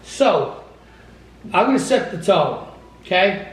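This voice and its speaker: A man's voice: sits high, sing-song, takes it slowly. A man hosting a casual chat, prompting his guest's story and laughing along. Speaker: host. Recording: echoey room, distant mic.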